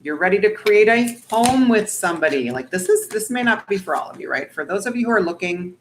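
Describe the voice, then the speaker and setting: A woman's voice: mid-range voice, very animated, fairly quick, a little hiss or hum, poor audio. A woman giving a casual spiritual reading straight to her viewers, chatty and reassuring, often checking in with "okay?" and swearing casually. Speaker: oracle card reader.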